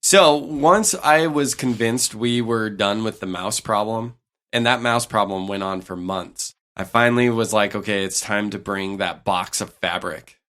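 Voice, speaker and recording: A man co-hosting a podcast, telling a home anecdote in a casual, animated way and laughing along. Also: on the low side, a little slow. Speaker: podcast co-host. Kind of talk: casual storytelling chat.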